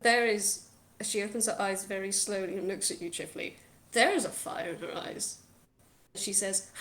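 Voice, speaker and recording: A woman narrating a tabletop game as game master from home, descriptive and emotive, quick to laugh. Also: medium pitch, fairly bright tone, reverberant.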